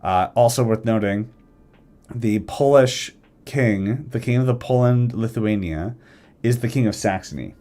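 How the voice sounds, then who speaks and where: A man talking casually on a live stream, rambling through an alternate history, correcting himself and acting out nations in quick quoted asides. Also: lowish voice, warm tone. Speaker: streamer discussing a game mod's alternate history.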